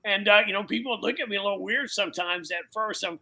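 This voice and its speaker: A man's voice: sits high, fast talker, pushed and bright, rough recording. A pastor speaking casually and animatedly, dropping "man" and "you know" into nearly every sentence. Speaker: pastor and biker ministry guest. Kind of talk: casual conversation.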